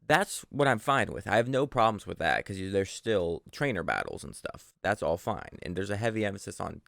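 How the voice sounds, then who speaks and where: A young man co-hosting a podcast, rambling through casual chat in an animated, sweary way. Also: lowish voice, a little fast, gravelly, no echo, studio quality. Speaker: podcast co-host. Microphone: studio microphone.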